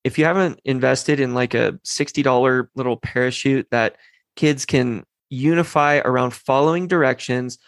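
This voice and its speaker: A man's voice: mid-range voice, normal speed, dry recording. A man in his thirties hosting a parenting podcast, talking casually and animatedly, telling stories about his kids. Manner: animated, storytelling, quotes his kids in a lighter voice.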